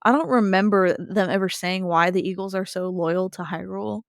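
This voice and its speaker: Recapping a cartoon episode in casual podcast chat, this female co-host tells the story with animation and briefly acts out what the characters say. She speaks at normal speed in a medium-pitched voice with vocal fry, in echo-free studio quality.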